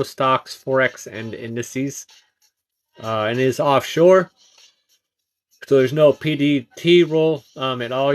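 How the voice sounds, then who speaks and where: A man hosting a late-night trading livestream, talking through charts in a relaxed, halting way with many ums and uhs and greeting chat viewers, sounding tired. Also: mid-range voice. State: tired, yawning. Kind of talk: casual live-stream chart commentary.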